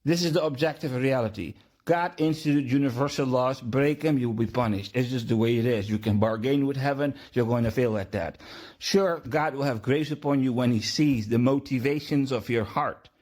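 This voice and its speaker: A man's voice: mid-range voice, normal speed, darkish tone. A man hosting a podcast, a delivering an emphatic, preachy religious monologue with lots of repetition. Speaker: podcast host.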